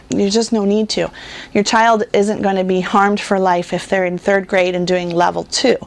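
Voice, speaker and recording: A woman who runs a reading curriculum, giving parents a patient, explanatory talk on teaching phonics and spelling and sounding words out slowly. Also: medium pitch. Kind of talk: instructional talk to homeschool parents.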